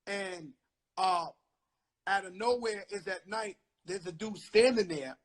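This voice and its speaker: Husky New man telling stories. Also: high voice, slow pace. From the Bronx, New York. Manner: animated storyteller, heavy street slang. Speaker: host. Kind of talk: casual interview chat.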